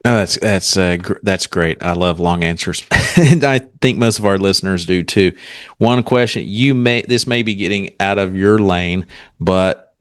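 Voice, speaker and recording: A man's voice: sits low, unhurried, no room sound, clean studio sound. A man hosting a podcast interview, asking questions politely and a little tentatively. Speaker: podcast host.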